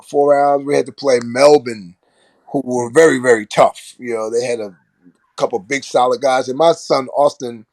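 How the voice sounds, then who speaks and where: An older man from Brooklyn, New York, a former basketball player and coach, telling animated stories in a casual interview and often acting out what people said. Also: medium pitch, gravelly, no echo. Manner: animated storyteller who acts out quoted lines and laughs often.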